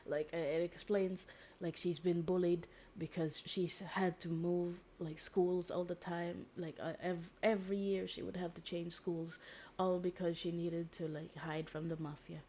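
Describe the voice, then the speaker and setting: Rambling young woman streamer, low voice. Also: flat delivery, unhurried, dark tone, slight background noise. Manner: rambling, lots of fillers and restarts, swears casually. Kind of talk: casual chat, retelling a story.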